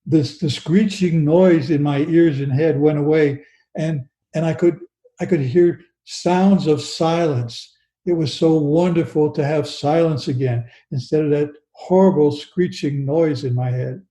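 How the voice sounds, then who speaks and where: An older man slowly and earnestly telling a personal story as an interview guest, often restarting his sentences. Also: on the high side, warm tone, reverberant, rough recording.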